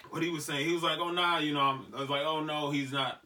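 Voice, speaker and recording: A young man hosts a casual podcast chat, his slightly high voice fast, bright and forceful with fairly even intonation, picked up on a distant mic. He tells a story in slang, laughs often, and acts out what people said.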